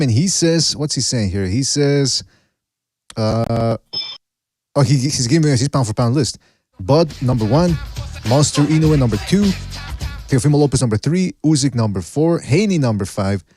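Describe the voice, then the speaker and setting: A man hosting a casual panel podcast, reading out chat shout-outs and trying to keep the panel in order. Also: medium pitch, lively intonation, normal speed, dry recording, clean studio sound, faint music behind. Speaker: podcast host.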